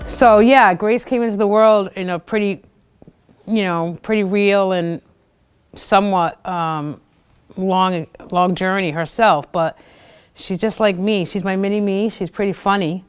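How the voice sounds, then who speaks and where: Smooth-voiced woman telling a personal story. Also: mid-range voice, a little slow, faint music behind. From United States. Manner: chatty, fillers and acted-out quotes. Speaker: host of a community TV show.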